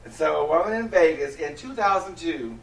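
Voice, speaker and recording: A sassy, campy man dishes gossip in a lively, bright voice that swoops up and down. The room is echoey, and he sits a little way from the mic. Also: on the high side, moderate pace, gravelly. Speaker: co-host. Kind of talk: gossipy casual chat. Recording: roomy room, distant mic.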